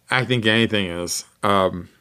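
Laid-back, low-voiced man on a podcast. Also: pushed and bright, clear, resonant tone. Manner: laid-back, hesitant, with many restarts. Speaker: podcast co-host. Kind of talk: casual podcast chat.

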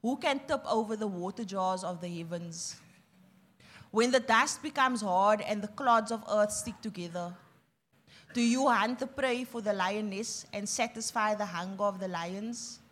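A woman reading scripture aloud in a steady, measured way during a sermon. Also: mid-range voice. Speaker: scripture reader.

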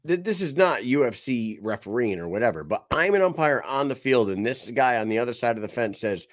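A man's voice: mid-range voice, expressive, a little fast, few pauses, no echo, clean studio sound. A man in casual sports chat on a podcast, telling rambling, profane stories with lots of animation. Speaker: podcast co-host.

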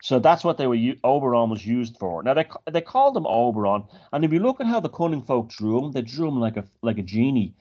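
An Irish man, a podcast guest, chatting casually and telling stories in a relaxed way. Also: mid-range voice, fast, hardly any pauses, highs cut off. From Ireland. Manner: relaxed storytelling, slips into quoted dialogue. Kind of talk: casual conversation.

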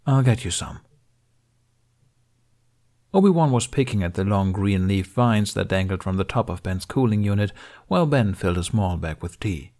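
Low-voiced man reading a story. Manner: measured, even storytelling. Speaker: reader. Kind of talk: scripted fan fiction narration.

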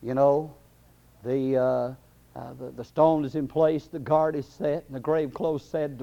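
A man's voice: mid-range voice, steady tone, unhurried, gravelly, warm tone. A man preaching a sermon, impassioned and building, with frequent fillers. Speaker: pastor. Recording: dull lo-fi recording.

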